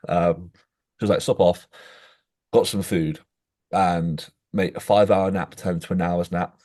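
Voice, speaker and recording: A man co-hosting a podcast, telling stories in animated casual chat, saying "mate" often and acting out quoted voices. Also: a little slow. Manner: animated storytelling, says "mate" constantly; acts out quoted voices with jumps in pitch. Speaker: podcast co-host.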